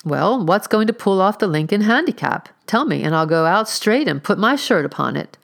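A woman's voice: medium pitch, lively intonation, moderate pace, creaky, pitched above the performer's own voice. A woman voicing a brash, mocking city man who fancies himself a wit, in a storybook reading. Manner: loud, mocking. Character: brash joking middle-aged city man.

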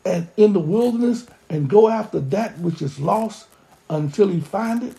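A pastor preaching a sermon with impassioned, drawn-out emphasis. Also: mid-range voice, lively intonation, gravelly, warm tone.

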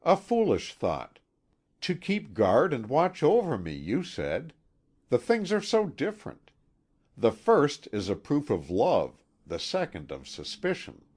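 A man's voice: medium pitch, wildly swooping pitch, slow pace, darkish tone, pitched above the performer's own voice, exaggerated voice. A man voicing a wilful, playful young wife who talks in a light, teasing way.

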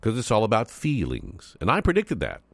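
A man with a lowish voice running a talk radio monologue, folksy and sarcastic, needling his targets with mocking asides. The sound is dry and close, straight into a studio microphone with no room around it. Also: huge pitch swings, a little fast, creaky, slightly rough, no room sound. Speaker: radio talk show host.

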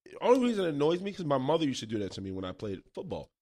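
A former pro football player talking as a guest in a casual chat, telling animated stories and acting out the people in them, on a close mic. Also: male voice, medium pitch, racing. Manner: animated storyteller who acts out the people in his stories.

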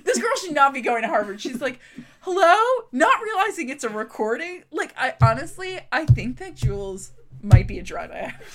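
Animated high-voiced woman ranting. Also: brisk. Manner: exasperated, laughing, swearing rants. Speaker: podcast co-host. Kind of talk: casual movie-recap chat.

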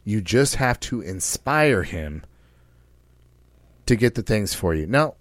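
A man's voice: lowish voice, big pitch swings, takes it slowly, long pauses, dry recording. A man hosting a podcast, talking casually in a brash, profane and preachy way, often speaking straight to the listeners. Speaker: podcast host.

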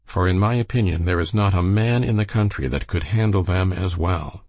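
A man voicing a kind, measured farmer in a storybook reading. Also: deep voice, darkish tone, no room sound. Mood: kindly. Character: kindly older farmer, horse owner.

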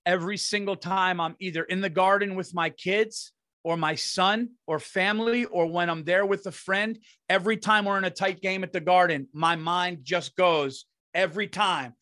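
High-voiced New man, casual podcast host. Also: fairly bright tone. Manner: earnest, swears casually, trails off into restarts.

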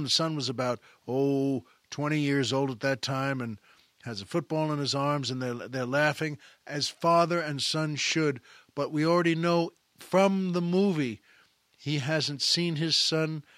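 A man retelling a film scene as a story, animated, acting out the characters' quoted lines. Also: a little high, no room sound, studio quality. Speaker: film commentator.

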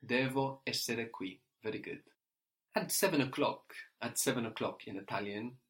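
A male teacher explains step by step in a patient, unhurried way. He often checks in with a questioning "no?" as he guides a learner through a spoken lesson. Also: mid-range voice, a bit bright. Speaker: language teacher.

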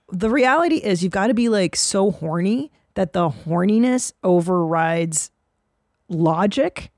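A woman co-hosting a podcast talks in a blunt, bawdy, animated way. Her pitch sits at an everyday middle, and the recording is dry and close, with no room sound. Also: no room sound. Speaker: podcast co-host. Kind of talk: casual chat.

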